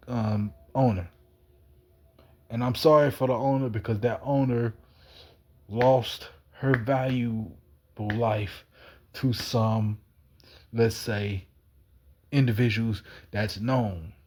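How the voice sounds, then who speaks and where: A man's voice: mid-range voice, a little mellow. A man in a rambling, wandering monologue, repeating himself and swearing casually. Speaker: cat feeder.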